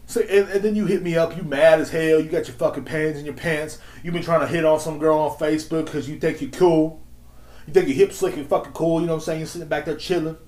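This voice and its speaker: A man's voice: fairly high pitch, fairly even intonation, quick pace, darkish tone. Profane man ranting in an echoey room. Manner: swaggering, slangy, profane, mocking. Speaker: podcast host. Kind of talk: profane solo podcast rant.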